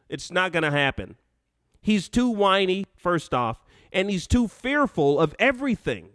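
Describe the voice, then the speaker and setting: A man hosting a live call-in show, animated and laughing, often restarting his sentences. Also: high-pitched, a little slow, no echo, studio quality. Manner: animated, laughs often, talks over himself.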